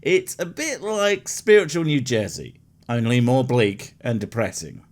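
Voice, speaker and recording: A man's voice: mid-range voice, expressive, unhurried. A man giving sarcastic, mocking comedy commentary over a video.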